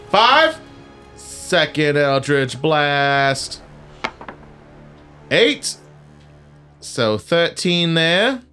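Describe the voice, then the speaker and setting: Slow-talking bright-voiced player. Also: male voice, fairly high pitch. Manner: laid-back, joking, swearing. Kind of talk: casual tabletop game play.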